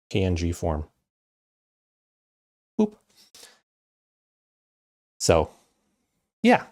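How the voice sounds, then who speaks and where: A young man with a fairly low voice chats casually on a game stream. He rambles in a warm, chatty way between play. There is faint music behind him.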